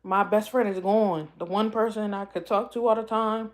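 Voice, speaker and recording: A woman vlogger in emotional casual talk, halting and tearful, often repeating herself as she speaks. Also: medium pitch, fairly even intonation. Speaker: vlogger host.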